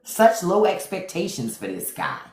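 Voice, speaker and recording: Speaking at a normal rate, this middle-aged man's high voice swings hugely in pitch. He hosts a casual livestream on a phone in an echoey room, commenting bluntly with swearing and welcoming chatters by name.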